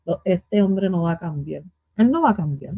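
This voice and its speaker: A woman's voice: lowish voice, expressive, a little fast, mellow. A woman reacting to a podcast clip on her stream, goofy and swearing, slipping into now and then. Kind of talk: casual reaction commentary.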